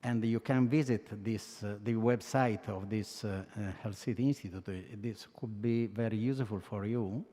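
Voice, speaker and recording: A man with an Italian accent speaks in a low voice, stopping and restarting often as he addresses students. The sound has a long reverb tail, as if carried through a video call. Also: warm tone. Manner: halting, with many "uh" fillers and restarts. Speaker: academic society president giving a comment. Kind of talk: unscripted remarks to students.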